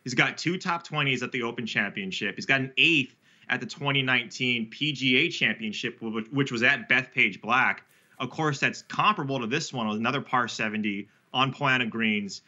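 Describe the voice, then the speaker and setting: A man's voice: medium pitch, moderate pace, bright, forceful tone, highs cut off. A man talking through betting picks in a casual podcast chat, rambling and correcting himself with fillers. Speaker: sports betting analyst guest.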